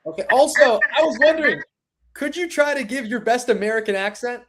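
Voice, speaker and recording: A young man hosting a casual video-call interview, asking questions in a hesitant, soft way that often trails off. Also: very high-pitched, animated, fairly quick, a little hiss or hum. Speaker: interview host.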